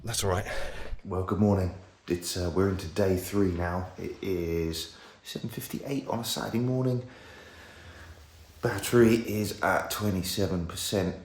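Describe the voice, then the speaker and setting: Male vlogger, lowish voice, on-camera chat over outdoor noise. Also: unhurried. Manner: chatty, talks straight to camera. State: out of breath while running. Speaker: tech reviewer. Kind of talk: casual vlog chat. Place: outdoors on a run. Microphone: action camera.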